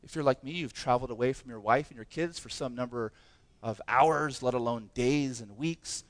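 A man's voice: medium pitch, moderate pace, no room sound. A man preaching a sermon as pastor, impassioned and emphatic, with many rhetorical questions.

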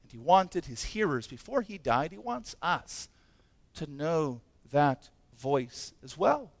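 Impassioned high-voiced preacher man. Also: sing-song, slow, creaky, no echo. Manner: impassioned, emphatic preaching with many rhetorical questions. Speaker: pastor. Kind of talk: sermon.

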